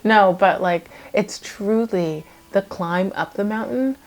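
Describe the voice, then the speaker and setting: A woman's voice: mid-range voice, slow. A woman YouTuber talking to her viewers in a heartfelt vlog, earnest and reflective, a little emotional, with many casual "like" fillers.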